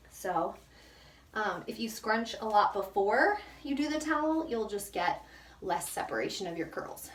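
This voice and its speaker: A woman's voice: mid-range voice, slight background noise. A young woman chatting casually through a hair tutorial in a hot bathroom, out of breath from the heat, self-mocking and laughing often. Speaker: hair care vlogger. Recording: echoey bathroom, mic at a distance.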